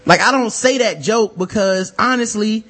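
A man's voice: high-pitched, moderate pace. A man co-hosting a podcast in casual, profane chat, reading listener mail and acting out the people he quotes. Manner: profane, animated, acts out quoted voices. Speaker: podcast co-host.

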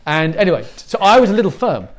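A man's voice: sits high, big pitch swings, fast talker. A middle-aged Englishman giving a conversational sermon as a pastor, telling stories with self-deprecating humor.

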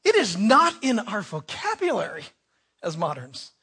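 A man preaching a sermon, reading scripture dramatically, swinging from hushed asides to shouted pleas. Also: sits high, huge pitch swings, normal speed, slightly rough.

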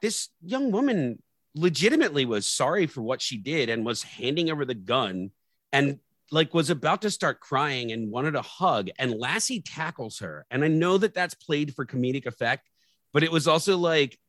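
A man's voice: a little high, sing-song, moderate pace, fairly bright tone, no room sound, clean studio sound. A man co-hosting a casual podcast chat about a TV episode, opinionated and prone to long critical rants. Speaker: podcast co-host.

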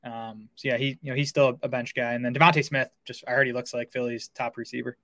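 A man co-hosting a fantasy football podcast talks through casual sports analysis fast, with lots of fillers and restarts. His mid-range voice is steady, bright, and forceful, with no room sound.

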